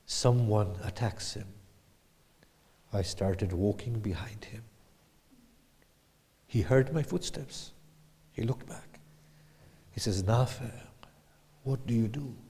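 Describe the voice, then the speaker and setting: A man preaches at an unhurried pace, his voice sinking to near-whispers and rising to loud, anguished cries. His voice is mid-pitched and carries a long reverb, as in a large hall. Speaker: lecturer. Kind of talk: sermon retelling a tragic narrative.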